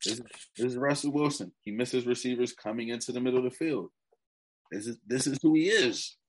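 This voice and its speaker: A man co-hosting a podcast, talking sports in casual, animated chat with swearing. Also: mid-range voice, brisk, slight background noise. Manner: animated, swearing, mock quotes. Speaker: podcast co-host.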